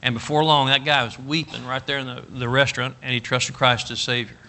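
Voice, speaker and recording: A middle-aged man preaching a storytelling sermon, folksy and animated, rising to loud emphatic bursts. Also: mid-range voice, fairly quick, a little hiss or hum. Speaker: pastor.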